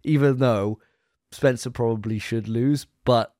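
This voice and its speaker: A man's voice: mid-range voice, measured pace, darkish tone, no room sound, clean studio sound. A young man co-hosting a casual podcast, teasing his friends and stumbling over his words as he judges them. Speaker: podcast co-host. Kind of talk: casual banter among friends.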